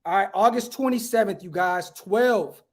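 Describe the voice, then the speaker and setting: A man's voice: high-pitched, normal speed, breathy edge. Hyped man hosting a livestream. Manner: hyped, slangy, full of shout-outs. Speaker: podcast host. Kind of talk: casual livestream chat.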